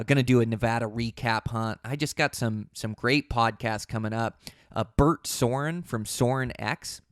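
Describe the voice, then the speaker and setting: A man's voice: mid-range voice, smooth, no room sound, studio quality. A man hosting a podcast, talking in an easygoing, rambling way with many fillers and restarts. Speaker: podcast host. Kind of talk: casual podcast intro.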